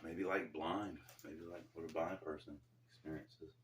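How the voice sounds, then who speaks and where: A man's voice: rumbling low, steady tone, normal speed, slight background noise. A man casually telling a personal story in loose, slangy talk, calling his viewers folks, recorded at a gym. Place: gym during a workout. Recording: roomy, distant mic.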